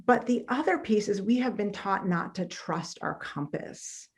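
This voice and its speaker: A woman's voice: mid-range voice, animated, unhurried. A woman author speaks as a guest in a conversational interview, with a mid-range voice. She tells stories with animation and acts out the voices of the people she quotes.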